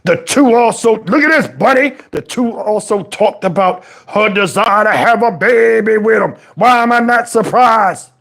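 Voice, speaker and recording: A man uses a high, expressive voice with vocal fry to play an indignant, preachy elderly father in a heavily acted comedic rant. He speaks unhurriedly with few pauses, scolding in exasperation, swearing, and sometimes shouting.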